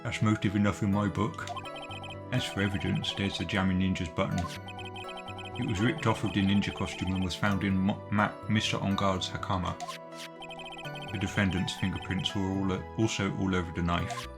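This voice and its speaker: A man voicing a blunt, gruff male police detective who keeps calling the judge sir. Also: low-pitched, flat delivery, moderate pace. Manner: blunt, loyal, says sir. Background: game music.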